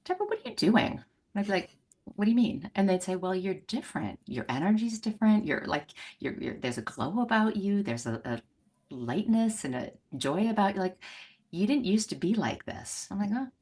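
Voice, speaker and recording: With a medium-pitched, breathy voice at a moderate pace, a middle-aged money mindset coach shares a personal story on a podcast. She's animated, performing the voices of the people she quotes.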